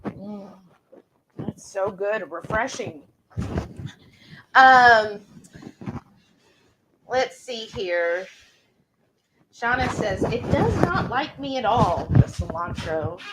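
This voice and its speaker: A woman co-hosting a live cooking stream, reading viewer comments aloud. She talks slowly and unhurriedly, with plenty of ums. Her voice sits at an ordinary pitch. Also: expressive, noisy background. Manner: slow, unhurried, lots of ums. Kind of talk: casual chat, reading out chat comments.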